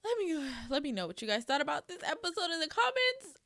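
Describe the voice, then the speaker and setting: A woman hosting a reaction channel, talking casually in an expressive, emotional way and swearing freely. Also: extremely high pitch, quick pace, no echo, clean studio sound.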